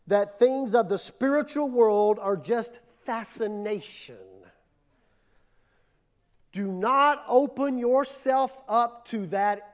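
A pastor with a very high-pitched voice for a man, preaching a sermon to his church. He hammers home points with repetition, swinging between hushed lows and loud surges. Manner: emphatic, repetitive preaching with dramatic drops and surges.

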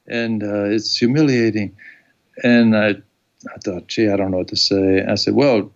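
Filmmaker guy rambling thru old stories, gravelly voice, kinda dull lo-fi sound. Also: on the low side, steady tone, unhurried. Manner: rambling anecdotes with acted-out quotes. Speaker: documentary filmmaker. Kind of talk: casual storytelling in an interview.

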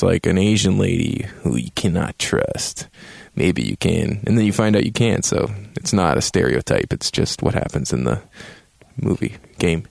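Low-voiced man rambling through a game review. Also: vocal fry, a little mellow, no echo, clean studio sound. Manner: rambling, profane, joking. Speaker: game reviewer, show host.

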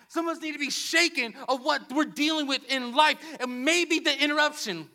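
A man preaching a sermon, emphatic, repeating key phrases and swinging between soft, low passages and loud bursts. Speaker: pastor.

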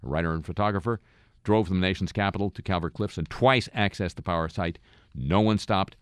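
A man hosting a satirical radio show who reads the news and drops wry, deadpan asides between items. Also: low-pitched, a little fast, smooth, no echo, studio quality. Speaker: radio host.

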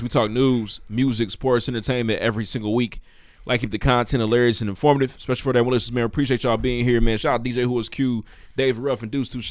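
A man's voice: mid-range voice, clear, resonant tone, dry recording, studio quality. A man hosting a casual group podcast, easygoing as he runs through the week's topics. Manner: laid-back, runs the topic rundown. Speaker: podcast host.

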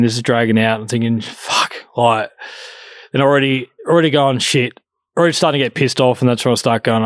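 A man's voice: mid-range voice, no echo, studio quality. A man telling a story in casual chat, swearing freely and acting out both sides of the conversation.

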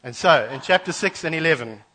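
A pastor preaching to his church, telling a Bible story and acting out the characters' lines in lively voices. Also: on the high side, a little fast, poor audio. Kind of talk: sermon.

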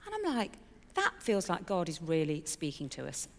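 Speaking in a large hall, this middle-aged woman has a fairly low voice whose pitch swoops wildly, delivered at normal speed. She offers a personal testimony as a candid, chatty story, using fillers and poking a little fun at herself.

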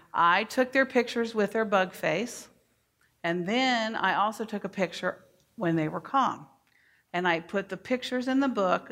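A middle-aged woman giving a workshop to teachers, speaking deliberately and modeling phrases for the audience to repeat. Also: on the low side. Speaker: early childhood educator giving a workshop.

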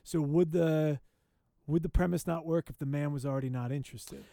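A fairly high-voiced man chatting casually about a book on a podcast he co-hosts. He talks animatedly and keeps restarting his sentences. His voice is close and dry, with no room sound. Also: fairly quick, gravelly, dark tone, no room sound. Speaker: podcast co-host. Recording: dry close mic, remote call.

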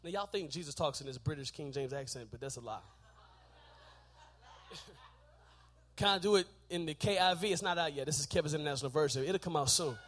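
A man preaching a sermon, shouting his points and joking with the congregation in a church. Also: a little high, brisk, pauses often.

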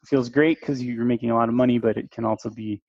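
A gravelly-voiced man speaks as a podcast guest, weighing each point in a measured, reflective way. The sound is dry and a little muffled. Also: medium pitch, fairly even intonation, darkish tone, dry recording. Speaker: digital agency owner, guest. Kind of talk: casual business chat. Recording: dry, dull-sounding mic.

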